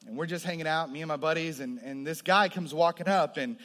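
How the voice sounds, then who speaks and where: A man preaching a testimony sermon, moving between hushed storytelling and loud, impassioned passages. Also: on the high side, brisk. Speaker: pastor. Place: large hall with audience. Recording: long hall reverb.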